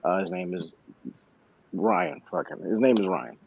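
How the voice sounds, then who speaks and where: A man's voice: low voice, very animated, a little slow, creaky, heavy background noise. A man on a podcast telling a work story in a laid-back way, swearing freely and making dry asides, in a dull lo-fi recording. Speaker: podcast co-host. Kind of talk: casual storytelling.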